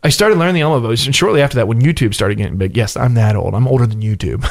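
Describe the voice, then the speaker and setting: Lively storytelling man, laughing a lot. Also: medium pitch, very fast, vocal fry, no room sound. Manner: laughs often, tells animated anecdotes. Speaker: podcast host. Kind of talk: casual chat.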